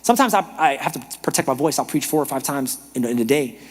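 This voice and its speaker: A man preaching a sermon as a pastor, telling funny stories with lively energy that swings from loud exclamations to soft whispers. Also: mid-range voice, fast talker. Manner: animated, humorous storytelling, shifts from shouting to whispering. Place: church auditorium. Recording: reverberant church hall.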